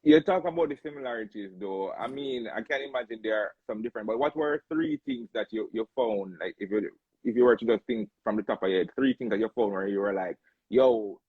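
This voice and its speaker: A man's voice: on the low side, very animated, quick pace, slightly rough, no echo. A man hosting a casual interview, asking easygoing questions and murmuring short agreements. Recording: dull, dry close mic.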